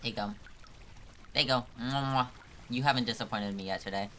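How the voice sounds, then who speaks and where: A man's voice: medium pitch, fairly quick, a bit bright, slight background noise. A man chatting casually to viewers on a live game stream, playful and teasing with mock-dramatic complaints.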